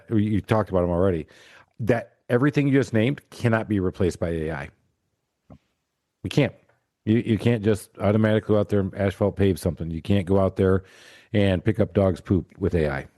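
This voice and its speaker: A man's voice: fairly low pitch, brisk, warm tone, no echo, studio quality. A man hosting a podcast interview, joking around playfully between questions. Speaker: podcast host.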